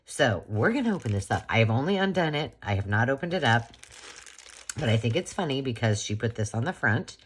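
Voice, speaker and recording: A woman's voice: rumbling low, slightly rough. A woman hosting a crafting channel, chatting casually and gushing as she unboxes a gift.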